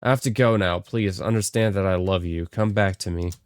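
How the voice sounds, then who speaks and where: A man's voice: deep voice, fairly even intonation, brisk, smooth, dry recording, natural voice. A man voicing a guilty middle-aged father in a game, defensive and pleading.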